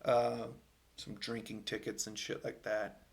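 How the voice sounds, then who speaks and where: A man's voice: lowish voice, flat delivery, measured pace, gravelly. A young man from Louisiana hosting a podcast, chatting casually in a rambling way with lots of fillers and swearing. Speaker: podcast host. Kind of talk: casual chat.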